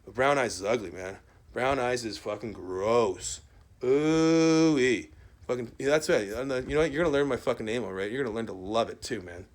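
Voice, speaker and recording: A man's voice: medium pitch, quick pace. A man delivering a rambling, profane rant monologue, combative and repetitive, tagging sentences with "right?" and "man" and often trailing off or restarting.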